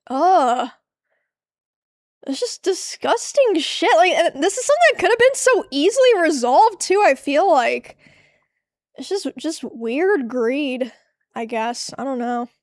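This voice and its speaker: A woman's voice: high voice, lively intonation, slow, pauses often, dry recording, clean studio sound. A woman streamer chatting casually while reacting to clips, exasperated and swearing freely, often trailing off.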